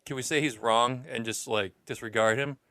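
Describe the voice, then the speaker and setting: A man's voice: medium pitch, fairly even intonation, normal speed, pushed and bright, dry recording. A man co-hosting a casual movie podcast, eager and emphatic with teasing asides. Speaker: podcast co-host.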